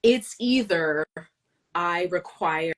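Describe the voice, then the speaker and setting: A woman co-hosting a casual live-stream discussion, thinking out loud in a reflective, hedging way. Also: fairly low pitch, slow. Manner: reflective, talks her thoughts through with hedges. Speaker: co-host.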